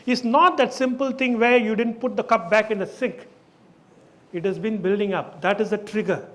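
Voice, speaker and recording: A man's voice: high-pitched, steady tone, moderate pace. A man leading an awareness session, lecturing emphatically and asking his audience questions.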